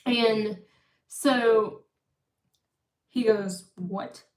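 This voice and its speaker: Here she keeps a steady tone and takes her time, her fairly high voice drifting through a rambling live-stream story full of interruptions and fresh starts. She is a woman in her thirties. The recording comes from an echoey room, well away from the mic.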